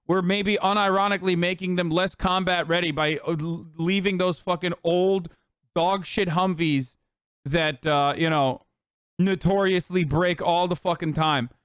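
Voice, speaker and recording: A man's voice: high-pitched, steady tone, fairly bright tone, clear, resonant tone, no echo, studio quality. A man streaming political commentary, swearing and sarcastic, ranting at speed. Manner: profane, sarcastic, fast rants.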